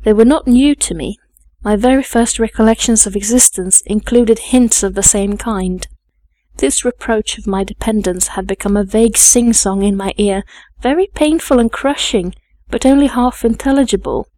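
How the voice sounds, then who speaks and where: A woman reading a classic novel aloud as an audiobook narrator, measured and composed. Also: fairly high pitch, warm tone, dry recording. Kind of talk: scripted narration.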